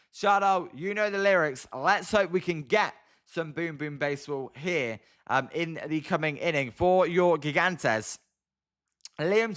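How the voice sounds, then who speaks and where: A man's voice: fairly high pitch, fairly bright tone. Chatty British man doing live commentary. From Britain. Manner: chatty, answers viewer chat messages. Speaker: livestream host. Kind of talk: casual live baseball watch-along commentary.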